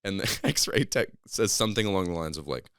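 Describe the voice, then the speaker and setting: A man's voice: deep voice, brisk, clear, resonant tone, no echo, studio quality. A man casually telling a long story on a podcast, acting out the people in it with raised voices. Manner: animated, acts out quoted people in a raised voice.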